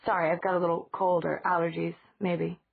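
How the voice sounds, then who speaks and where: Shaken, halting young man, voiced by a woman, husky, dry, tinny sound. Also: lowish voice, little pitch movement, dry recording. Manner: hesitant, halting. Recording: dry, tinny phone-like audio.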